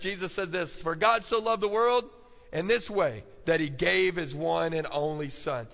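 A man's voice: fairly high pitch, moderate pace, gravelly, a bit bright. Preaching man in a reverberant hall. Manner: call-and-response preaching, repeating points for note-taking. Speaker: pastor. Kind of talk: sermon. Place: church. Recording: long church hall reverb.

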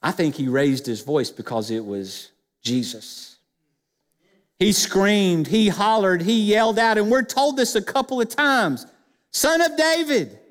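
A man's voice: sits high, in a large hall. A man preaching a sermon as pastor, speaking emphatically and putting questions straight to the congregation. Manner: emphatic, addresses the church directly with questions. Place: church sanctuary.

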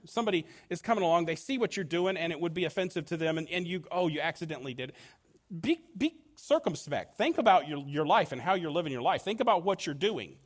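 A man preaching a sermon in a conversational way, stumbling over words with many restarts and fillers, and chuckling between points. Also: high-pitched. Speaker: pastor.

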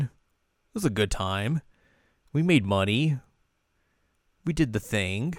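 A man casually recapping an anime episode, acting out the characters' lines in high squeaky voices. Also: moderate pace, long pauses, fairly bright tone, dry recording, studio quality. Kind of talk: casual reaction chat.

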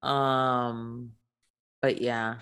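A woman's voice: extremely low pitch, flat delivery, drawn-out words, fairly bright tone, clean tone. A woman in casual chat, easygoing and giggly.

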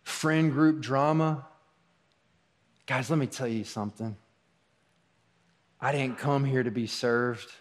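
A man preaching a sermon as pastor, talking in a loose conversational way that swings between soft asides and raised emphasis. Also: medium pitch, steady tone, slow, long pauses. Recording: long hall reverb.

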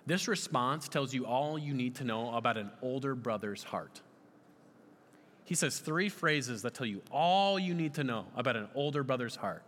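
A man in his thirties preaching a sermon, animated and often putting questions to the audience. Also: medium pitch, moderate pace, long reverb tail. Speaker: pastor.

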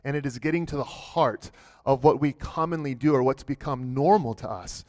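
A pastor with a mid-range, darkish voice preaches a sermon in church at a moderate pace. He's earnest and direct, often restarting and repeating words as he builds his point.

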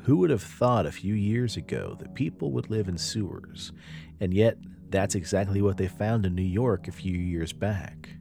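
Man, podcast host, spooky storytelling, raspy voice, wide pitch swings. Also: lively intonation, normal speed, dark tone, faint music behind. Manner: dramatic, rising and falling delivery. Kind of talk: storytelling narration.

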